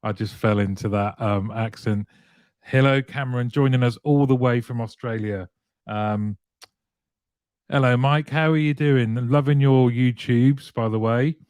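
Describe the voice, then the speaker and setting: A man's voice: medium pitch, a little slow, a little mellow, no room sound, clean studio sound. A man hosting a weekly live show, chatting and greeting viewers one by one by name.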